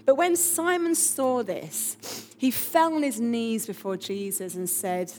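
Woman preaching, high voice, emphatic, chatty, lively. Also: unhurried, noisy background. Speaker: pastor. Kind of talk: sermon.

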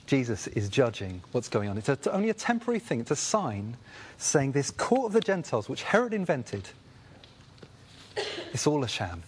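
A man with a slightly husky voice leads a Bible study group. He talks in a lively way and briefly acts out the voices of the people in the story. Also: mid-range voice. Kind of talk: teaching a Bible study session.

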